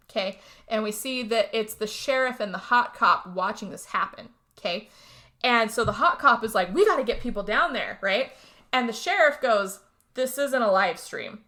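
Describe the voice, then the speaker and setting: Bright-voiced young woman recapping a film. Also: fairly high pitch, moderate pace. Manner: animated storytelling, swearing, acts out character lines. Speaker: podcast co-host recapping a movie. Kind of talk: casual chat.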